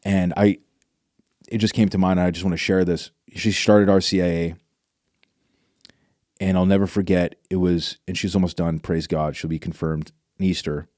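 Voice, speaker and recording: A man's voice: deep voice, flat delivery, moderate pace, darkish tone, dry recording, clean studio sound. A man telling a personal faith story as an interview guest, earnest and emotional, often restarting his sentences.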